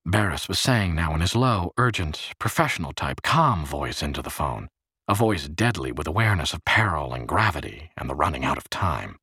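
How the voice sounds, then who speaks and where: A man narrating an audiobook with expressive storytelling. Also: very deep voice, normal speed, slightly rough, no echo, clean studio sound.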